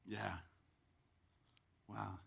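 A male pastor preaching a sermon in church, telling the story with lively acted-out voices. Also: fairly low pitch, drawn-out words, gravelly, breathy edge.

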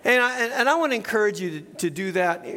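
A middle-aged male pastor preaching in a church, in a relaxed conversational way, often tagging "right?" onto his points. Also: sits high, fast, big-room sound. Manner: conversational, keeps adding "right?". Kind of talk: sermon. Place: church sanctuary.

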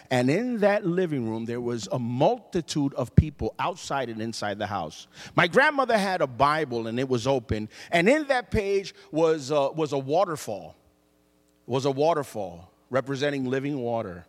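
A man preaching a storytelling sermon to his church, jokey and engaging, calling on the congregation to answer him. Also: on the high side. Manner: lively, jokey, audience call-and-response. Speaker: pastor. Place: church sanctuary. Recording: long reverb in a church hall.

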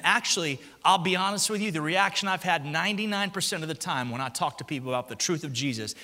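A male pastor delivers an emphatic sermon. His voice sits high and bright, and he keeps a conversational, punchy rhythm with frequent rhetorical questions. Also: fast, hardly any pauses. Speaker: senior pastor.

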